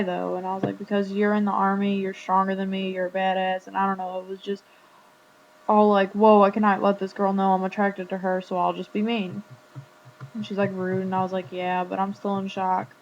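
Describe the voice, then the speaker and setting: A teenage girl tells a story straight to her webcam, stringing it together with "like" and quoted lines. Her voice stays mostly level in pitch. The audio is dull and lo-fi with a faint hum underneath. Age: teens. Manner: chatty, retelling a conversation with lots of "like". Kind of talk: casual storytelling vlog.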